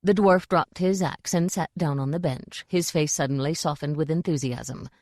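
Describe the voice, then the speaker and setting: Woman, audiobook narration, measured, very low voice, dry close sound. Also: darkish tone, dry recording.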